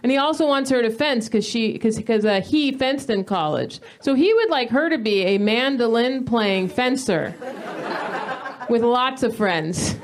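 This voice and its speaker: Woman comic in her thirties, stand-up set, higher voice, animated storyteller who flares into mock rants. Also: unhurried. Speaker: stand-up comedian. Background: audience laughter.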